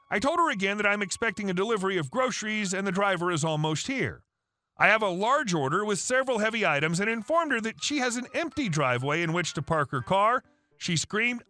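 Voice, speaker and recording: A man narrating reddit stories aloud in an animated storytelling manner. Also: high-pitched, a little fast. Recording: faint background music.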